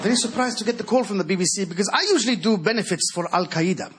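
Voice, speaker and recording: A man doing stand-up comedy on stage, shouting his punchlines and slipping into comic accents. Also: high-pitched, racing, very noisy. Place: live theatre stage. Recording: loud laughing crowd in a theatre. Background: audience laughter.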